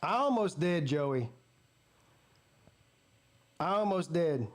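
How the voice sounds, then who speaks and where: Hosting a live football watch party for his sports channel, a man rants casually and tells stories, swearing plenty along the way. His fairly high voice is expressive, and he speaks at a slow pace.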